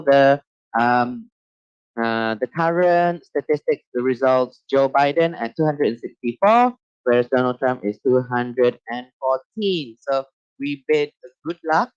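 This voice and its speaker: A Malaysian man hosts a live web talk show in a mid-pitched voice, pausing often on uh and um and repeating himself as he goes. The sound is dull and lo-fi, with a dry, close feel and no room around it. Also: clean tone, no room sound. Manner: halting, fills pauses with uh and um, repeats phrases.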